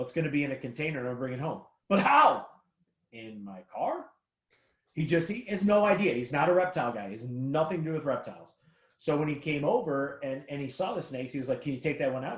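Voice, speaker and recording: A man's voice: medium pitch, reverberant. A man hosting a casual podcast chat, upbeat and steering the conversation. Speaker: podcast host.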